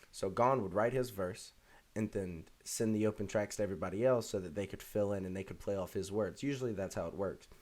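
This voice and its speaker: A man's voice: lowish voice, darkish tone. A man hosting a reaction video, chatting casually with lots of fillers and restarts. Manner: rambling, many fillers and restarts.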